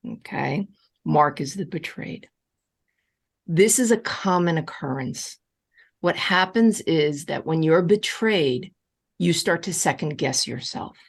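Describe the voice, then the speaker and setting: A woman with a creaky, slightly rough voice takes her time as a relationship coach answering audience questions in a live online Q&A. She is emphatic and reassuring, animated with wide pitch swings, and repeats key phrases.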